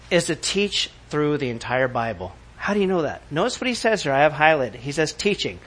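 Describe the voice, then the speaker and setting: Male pastor, sermon, emphatic, rhetorical questions, bright tense tone, slightly high voice. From not from the country where he preaches.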